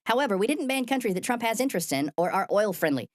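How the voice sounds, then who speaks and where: A woman rattles off satirical news commentary at a quick clip, sardonic and casually profane. Her delivery stays deadpan and dry, and the recording is close and dead, with no room sound. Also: medium pitch, dry recording. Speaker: host.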